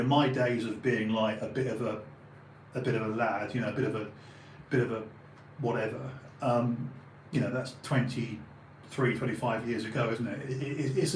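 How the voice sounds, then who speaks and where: A man in his late forties chats on a live stream, rambling with fillers and restarts and swearing freely. His voice is mid-range, and the roomy home recording has faint ambience and slight background noise.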